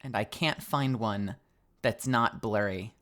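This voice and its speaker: A woman's voice: rumbling low, slow pace. A woman streamer chatting casually between game lines, muttering and swearing. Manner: muttering asides, swears a lot. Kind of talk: casual live-stream chat.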